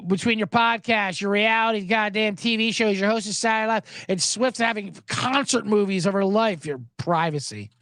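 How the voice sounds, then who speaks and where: A man's voice: high voice, normal speed, few pauses, fairly bright tone, no echo. A man hosting a sports betting podcast, ranting sarcastically with profanity and mocking voices. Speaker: podcast host.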